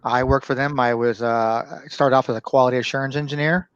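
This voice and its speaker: A man guest in a casual interview, relaxed and hesitant with fillers. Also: medium pitch, brisk, smooth, no echo. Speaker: podcast guest, booking agent. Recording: dull dry sound.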